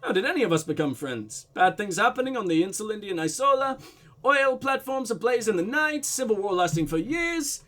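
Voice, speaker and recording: Pompous diplomat with a put-on Russian-German accent, suave and dodgy, voiced by a man; lively, high delivery. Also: brisk, soft background music. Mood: smooth, evasive. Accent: mock Russian-German blend. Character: smooth evasive male foreign diplomat, middle-aged.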